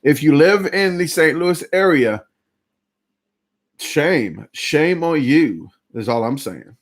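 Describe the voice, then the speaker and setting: This man talks at a slow pace, his voice a little high yet animated, during a casual live-stream chat. Sluggish and full after a big eating challenge, he rambles, chats, and reads out the names of viewers.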